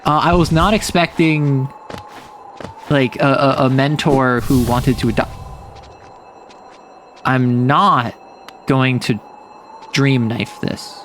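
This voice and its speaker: Over loud game music, a man at medium pitch gives gameplay commentary while streaming, giggling and playfully thinking out loud. His intonation stays fairly even, his pace is slow with frequent pauses, and there's a slight hiss or hum.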